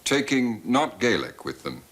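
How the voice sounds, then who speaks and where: A middle-aged man narrating a documentary as host, measured and expressive. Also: medium pitch. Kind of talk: scripted narration.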